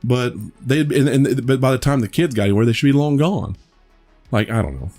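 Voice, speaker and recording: A man's voice: medium pitch, animated, a little fast, darkish tone, faint music behind. A man co-hosting a podcast, chatting casually about a movie, rambling with many restarts and some swearing. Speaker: podcast co-host. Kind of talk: casual movie review chat.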